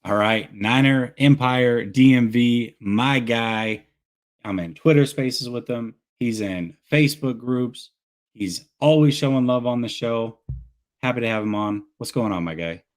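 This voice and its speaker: A man's voice: medium pitch, unhurried. A man hosting a sports call-in show, casual and enthusiastic, heaping praise on his callers. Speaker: podcast host taking calls.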